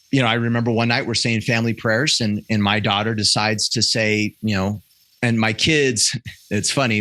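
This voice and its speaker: Bright, earnest man telling a story. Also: fairly low pitch, no room sound. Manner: earnest, self-correcting storyteller with frequent restarts. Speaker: podcast guest. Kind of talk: candid conversational interview.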